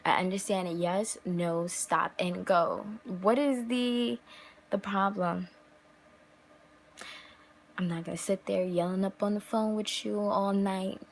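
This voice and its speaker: A woman's voice: medium pitch, fairly even intonation, slow pace, vocal fry, slight background noise, poor audio. A young woman vlogger talking casually to camera, giving emphatic relationship advice full of rhetorical questions. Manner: emphatic, rhetorical questions, acts out quoted voices.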